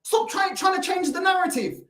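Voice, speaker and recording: A London woman with a high, swinging voice hosts a casual reaction chat. She rants with exasperated rhetorical questions and breaks into laughs. The room gives her voice a noticeable echo. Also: very animated, brisk, fairly bright tone. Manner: exasperated, ranting, laughs often. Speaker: channel host. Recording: roomy echo.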